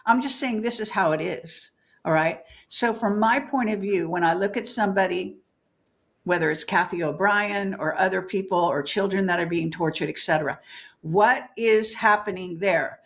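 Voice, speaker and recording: A woman's voice: medium pitch, normal speed. A woman guest in a candid spiritual interview, talking emphatically, swearing freely and laughing often.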